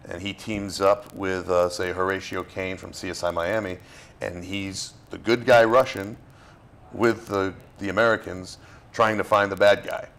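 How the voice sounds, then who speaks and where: A man's voice: deep voice, level tone, moderate pace, a bit bright. A man from Florida, an actor being interviewed, talking in a loose, rambling way with fillers and restarts. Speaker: actor, guest. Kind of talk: casual interview.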